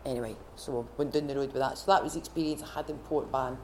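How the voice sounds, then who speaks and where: A Scottish woman at a faith retreat, sharing her personal testimony in a heartfelt, halting way with many restarts. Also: rumbling low, a little mellow, slight background noise. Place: retreat gathering room.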